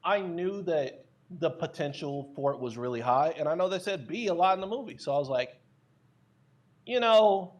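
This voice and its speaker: A man as a podcast guest telling casual, animated stories, with many fillers and restarts. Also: on the high side, normal speed, dull audio. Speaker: guest, content creator.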